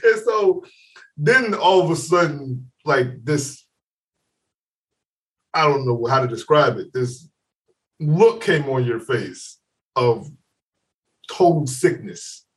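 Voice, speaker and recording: A man co-hosting a podcast, telling a story in casual chat, laughing often and loudly acting out what people said. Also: fairly high pitch, takes it slowly, long pauses, distant mic. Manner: animated, laughing, acts out quotes loudly. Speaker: podcast co-host.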